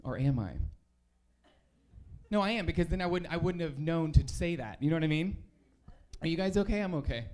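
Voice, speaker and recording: Guy doing standup in a comedy club, rambly and self-deprecating, super lively voice. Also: a little high, a little fast.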